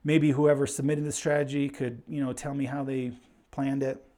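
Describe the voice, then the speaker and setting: A man's warm, mid-range voice comes across flat at a normal speed as he hosts a casual live Q&A stream on his craps channel, chatting and thinking aloud. He's wearing a clip-on mic with a pack, indoors in a room with a bit of echo.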